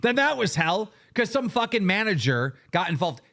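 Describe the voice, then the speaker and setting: A man's voice: sits high, sing-song, moderate pace, gravelly, a bit bright, faint music behind. A man hosting a livestream, ranting angrily and cursing heavily as he tells his side of a story. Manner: profane, heated, emphatic. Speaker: livestream show host. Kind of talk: angry livestream rant.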